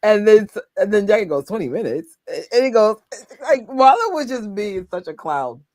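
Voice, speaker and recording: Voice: mid-range voice, very animated, moderate pace, darkish tone, dry recording. A co-host in casual chat, telling stories animatedly with laughter and quoted reactions.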